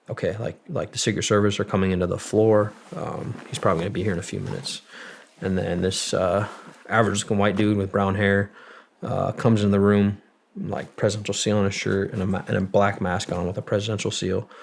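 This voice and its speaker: Low husky young guy swearing a lot, telling a story on a podcast, kinda raspy. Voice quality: gravelly. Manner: casual and profane, acting out quotes with lots of fillers. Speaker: guest. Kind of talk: storytelling in a long-form interview.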